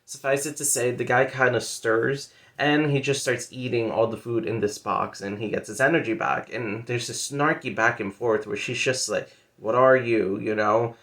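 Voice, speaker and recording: A man's voice: mid-range voice, normal speed, few pauses, a bit bright. A man in a casual book vlog, talking loosely with lots of fillers and playful asides as he retells a story. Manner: chatty, many fillers like "like" and "pretty much". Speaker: book vlogger. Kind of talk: casual monthly reading wrap-up.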